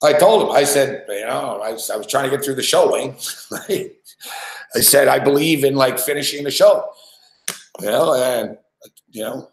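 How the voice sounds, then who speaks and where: A sports betting stream host tells a long story loosely and profanely, stumbling and restarting sentences as he rambles. His middle-pitched voice is animated at a normal speed with frequent pauses, and the room gives the recording a noticeable echo.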